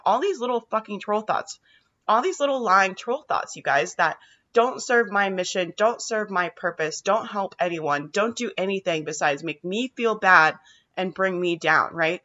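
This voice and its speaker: A woman's voice: medium pitch, animated, moderate pace, bright, forceful tone, dull audio. A woman giving an emphatic motivational monologue to her viewers, swearing casually and asking "right?" often. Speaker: mental health vlogger.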